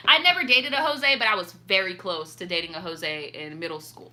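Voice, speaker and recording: A young woman hosting a storytime show, chatting casually and reading viewer stories with animated, profane asides. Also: on the high side, moderate pace.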